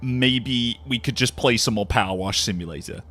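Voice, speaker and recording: A man chatting casually with his livestream viewers, jet-lagged, animated, swearing freely and laughing often. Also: medium pitch, normal speed, soft background music. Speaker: live streamer.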